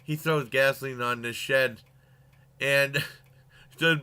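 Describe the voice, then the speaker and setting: Bright-voiced man rambling through a movie review. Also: mid-range voice, fairly even intonation, smooth. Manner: rambling, halting, full of fillers and restarts; chuckles at the plot as he retells it.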